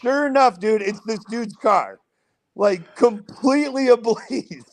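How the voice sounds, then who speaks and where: A man with a Midwestern American accent, telling a wild story casually on a podcast and acting out everyone's lines with big jumps in his voice. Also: takes it slowly. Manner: animated, profane, acts out quotes with big pitch jumps. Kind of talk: casual storytelling among friends.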